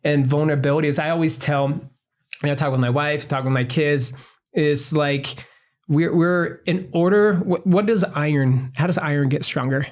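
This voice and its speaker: A man's voice: a little high, moderate pace. A man co-hosting a podcast as a doctor, talking earnestly in a casual interview and explaining through analogies. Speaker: podcast co-host, functional medicine doctor.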